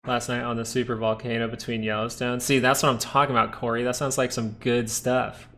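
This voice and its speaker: Guy with a gravelly voice doing casual stock talk on a live stream, rambly and jokey. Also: medium pitch, level tone, fairly quick, bright, forceful tone. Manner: rambling, joking, chats with viewers between chart talk.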